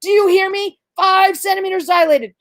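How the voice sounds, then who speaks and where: A brusque female doctor barks orders in a high, strained, shouting voice, as a woman puts her on. She is bossy and impatient and scolds without pause. The sound is dry and close. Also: no echo, close to an everyday voice.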